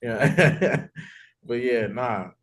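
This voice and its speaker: A man's voice: mid-range voice, lively intonation, very slow. A man from Detroit co-hosting a podcast, easygoing and agreeable in casual chat. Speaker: podcast co-host.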